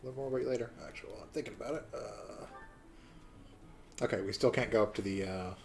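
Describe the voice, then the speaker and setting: A man co-hosting a let's play, joking and mock-shouting in a casual commentary. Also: on the low side, fast, creaky, soft background music. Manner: playful, jokey, mock-shouting.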